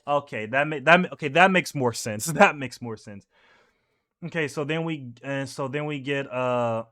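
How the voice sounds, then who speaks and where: A young man hosting a manga reaction casually reads through a chapter, rambling, correcting himself, and chuckling. His medium-pitched voice is bright and forceful, at a moderate pace.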